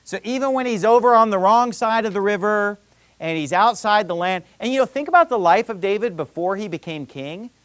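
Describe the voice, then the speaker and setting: A man preaching a sermon in an animated, conversational way, full of rhetorical questions and quoted scripture. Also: high-pitched, fairly quick, dry recording. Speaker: pastor.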